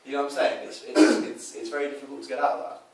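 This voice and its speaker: Speaking quickly in a medium-pitched voice, a male dating coach explains his methods in a relaxed way and performs quoted dialogue in altered voices, full of animation. The recording has a roomy echo, faint noise and a far-off mic.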